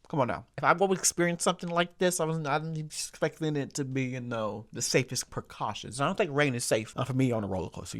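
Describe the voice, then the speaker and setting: A man's voice: medium pitch, dry recording, studio quality. A young man hosting his own show, telling a personal story casually and repeating phrases for comic effect. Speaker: host.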